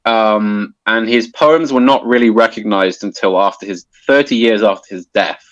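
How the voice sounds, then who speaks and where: A man talks through a subject in a relaxed, conversational way, often stalling and restarting his sentences. His voice sits fairly low, and the recording is dry and close. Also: normal speed, no echo, muffled recording. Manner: hesitant, many restarts and fillers. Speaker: guest explaining poetry. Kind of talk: casual explanatory conversation.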